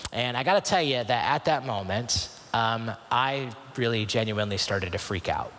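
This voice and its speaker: A man's voice: medium pitch, lively intonation, moderate pace, a bit bright, slight background noise. Earnest man telling a story in a big hall. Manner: earnest, confiding storytelling with many restarts. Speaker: youth conference speaker. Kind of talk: storytelling sermon. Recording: long hall reverb.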